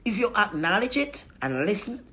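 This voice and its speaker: A woman giving an emotional spiritual testimony in a vlog, talking emphatically, laughing often and breaking into sudden shouted prayers. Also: medium pitch, sing-song, moderate pace. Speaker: vlogger.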